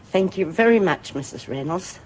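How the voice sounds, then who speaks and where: A woman's voice: lowish voice, moderate pace, lightly acted. An actress playing a cranky, blunt older woman prisoner with a broad Australian drawl, in an old TV drama. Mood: pleading. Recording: old TV audio with steady hiss.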